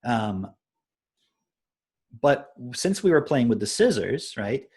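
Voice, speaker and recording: A young adult man with a slightly husky voice talks casually on a live stream. He explains things through everyday stories, often pausing to ask "right?". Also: mid-range voice, very animated, a little mellow. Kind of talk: casual parenting talk.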